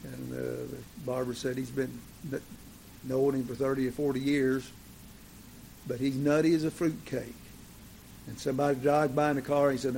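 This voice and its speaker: A man preaching a sermon, swinging between emphatic declarations and relaxed, folksy storytelling with plenty of fillers. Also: mid-range voice, normal speed, gravelly, slight background noise.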